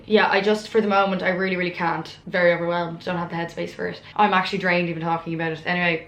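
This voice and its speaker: A woman's voice: fairly low pitch, fairly bright tone. A young Irish woman in her twenties chatting casually and frankly to camera in a Q&A vlog, poking fun at herself. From Ireland. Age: 20s. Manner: chatty, frank, self-mocking. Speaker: vlogger. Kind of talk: casual Q&A chat. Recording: roomy echo.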